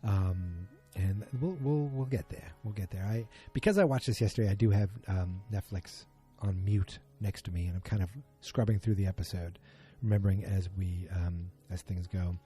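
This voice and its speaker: A man with a husky, very dark and mellow voice talks through a TV episode as a podcast host. He rambles casually, stops to correct himself and fills gaps with ums. Faint music sits behind him. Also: sits low, normal speed, hardly any pauses. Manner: rambling, filler-heavy, self-correcting. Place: at home beside a muted streaming screen.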